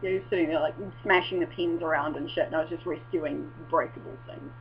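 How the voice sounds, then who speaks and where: A woman's voice: deep voice, fast talker. Rambling, swearing woman on a dull lo-fi recording. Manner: rambling, swears, excitable exclamations. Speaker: vlogger. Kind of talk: casual rambling chat. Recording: dull lo-fi with faint mains hum.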